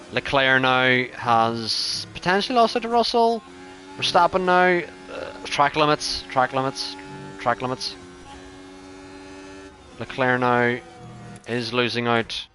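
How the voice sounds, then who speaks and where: A man live-streaming a racing game, talking to his chat, excitable and foul-mouthed, swinging from yelling to muttering. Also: medium pitch. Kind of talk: live gaming commentary to chat.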